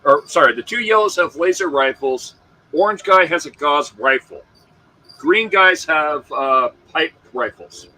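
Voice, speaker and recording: Bright-voiced man running a tabletop game. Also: fairly high pitch, animated, unhurried, poor audio. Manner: laughs often, shouts out characters' lines. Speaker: game master.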